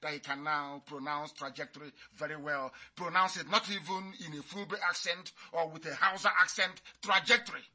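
A man's voice: a little high, fairly even intonation, normal speed, hardly any pauses, sharp tone. A man giving a fiery, mocking radio address, repeating his points. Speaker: radio broadcaster.

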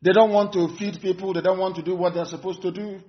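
A man with a notably high voice delivers a live broadcast address. He is stern and repetitive, pressing his warnings home and at times breaking into shouts. The audio is dull and lo-fi. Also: little pitch movement, fast talker. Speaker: activist broadcaster.

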